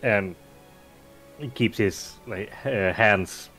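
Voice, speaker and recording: A man's voice: lowish voice, slow, sharp tone, soft background music. A man playing a tabletop game, describing his character's actions hesitantly with many fillers and restarts. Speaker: player.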